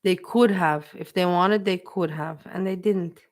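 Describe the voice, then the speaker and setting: A woman's voice: on the low side, steady tone, a little slow. Emotional woman chatting on a livestream. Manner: emotional, repetitive, talks to her chat. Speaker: livestream host. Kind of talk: casual livestream chat.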